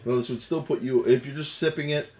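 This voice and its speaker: A man narrating a tabletop game as game master, playful and quick to laugh. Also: mid-range voice, fairly even intonation, over a noisy crowd, rough recording.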